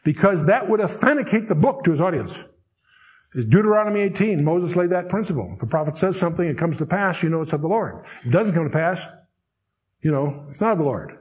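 A man's voice: fairly high pitch, lively intonation, a little mellow. Wry man teaching scripture. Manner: reads scripture slowly and solemnly, then explains in a chatty, wry aside. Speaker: Bible teacher. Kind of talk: verse-by-verse Bible teaching.

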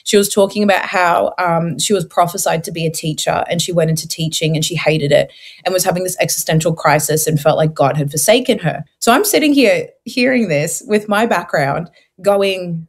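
A young woman from Australia, a guest sharing her faith story in an earnest, expressive way, with many fillers. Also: on the low side, fairly quick. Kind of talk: testimony interview.

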